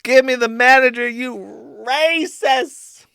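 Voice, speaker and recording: A man doing a drunk, indignant ranter, his voice pushed high and loud, the whole thing sounding like a mocking send-up. The recording is dry and close. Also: takes it slowly, smooth, no room sound, heavily acted. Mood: furious ranting. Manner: shrill, indignant ranting. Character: outraged drunk man ranting at an airline.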